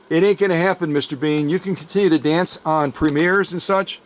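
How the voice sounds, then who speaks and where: Chatting casually to camera in his home workshop, a man who runs a sewing machine restoration channel does an unboxing full of playful, rambling, jokey asides. His voice is a little high with fairly even intonation, and he talks briskly with few pauses.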